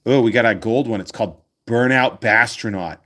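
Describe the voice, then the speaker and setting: A man's voice: medium pitch, moderate pace, sharp tone. A man from Massachusetts hosting a casual card-opening chat. He talks with enthusiasm and reads card text aloud. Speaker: host.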